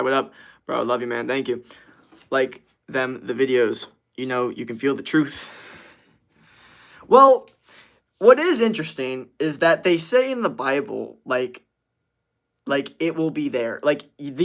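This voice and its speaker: A young man with a medium-pitched, fairly bright voice is streaming casually and answering chat. He reads viewer comments aloud in a laid-back way, laughing easily.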